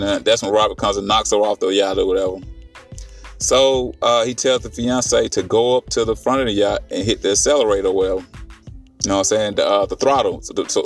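A man's voice: on the low side, distant mic. A man casually recapping a film on a podcast, rambling and profane, with lots of fillers and restarts. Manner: rambling, profane, animated retelling with many fillers. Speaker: podcast host reviewing a film.

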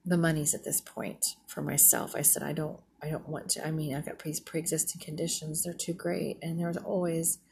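A woman's voice: low-pitched, flat delivery, moderate pace, gravelly, few pauses, a little mellow, a little hiss or hum. A middle-aged woman, a former nurse, venting indignantly in a casual monologue and retelling conversations. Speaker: retired nurse vlogger.

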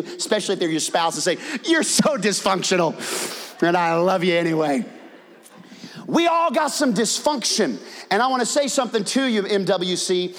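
Animated preacher in a reverberant hall. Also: male voice, high-pitched. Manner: animated preaching, swinging from hushed to shouting. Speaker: pastor. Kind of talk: sermon. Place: church sanctuary. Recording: long reverb of a large hall.

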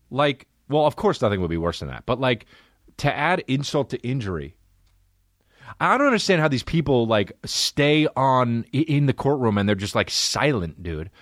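Male comic podcast host, lowish, swearing and animated, dry close mic. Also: no room sound. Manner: profane, excitable ranting that jumps into yelling bits. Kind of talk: casual comedic monologue.

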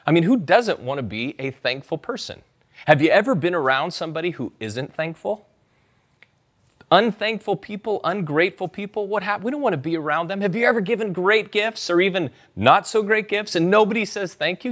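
A man giving a sermon as pastor, with a voice pitched a little high for a man. He preaches in a relaxed, conversational way, often asking his congregation to say the verse out loud with him. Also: a little fast. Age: adult parent. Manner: conversational preaching, urging the congregation to repeat scripture.

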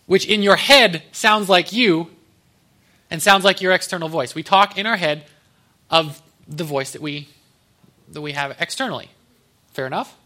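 A man's voice: sits high, moderate pace, long pauses, pushed and bright. A man pastor giving a conversational sermon, with joking asides to the congregation.

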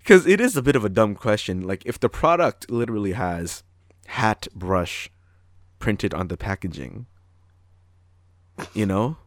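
A man with a low voice that rises and falls in lively swings tells a casual story, acting out the voices of the people in it. The recording is dry and close. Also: measured pace, long pauses, dry recording. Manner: storytelling with acted-out voices, swearing, laughing often. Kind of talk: casual chat.

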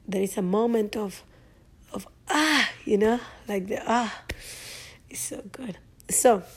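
Female guest; slow, halting delivery, mellow timbre. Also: medium pitch. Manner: hesitant, many fillers and restarts. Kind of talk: casual conversational talk.

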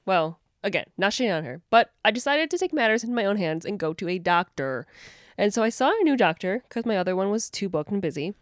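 With a medium-pitched voice and quick pace, this woman co-hosts a podcast, spinning stories and cursing casually. The studio-quality recording has no echo.

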